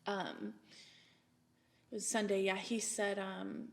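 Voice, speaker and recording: A young woman sharing a personal faith testimony as a podcast guest, retelling events in an animated way, often quoting people and breaking into laughter. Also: medium pitch, slow, vocal fry.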